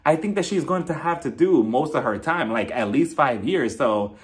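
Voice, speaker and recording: A young man casually reviewing a reality show episode on his vlog, gossipy and quick to laugh, often slipping into impressions of the cast. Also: fairly high pitch, expressive. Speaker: TV recap reviewer.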